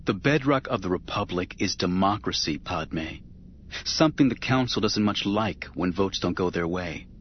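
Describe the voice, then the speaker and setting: A man reading the part of a brooding young Jedi knight, speaking low and strained, his lines soft and halting. The audiobook recording is dull and lo-fi, with a faint hiss beneath it. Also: animated. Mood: bitter.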